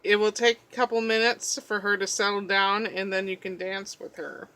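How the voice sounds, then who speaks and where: A woman's voice: mid-range voice, little pitch movement, normal speed, sharp tone. A woman vlogger chatting casually through a journal flip-through, rambling as she tells stories and swearing now and then. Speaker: craft vlogger.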